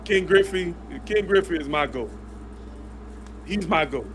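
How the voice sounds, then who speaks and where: A man on a podcast telling laid-back stories in slangy, rambling talk. His voice is quite high for a man. Faint noise sits in the background. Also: animated, a little slow, fairly bright tone. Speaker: podcast guest. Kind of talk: casual storytelling.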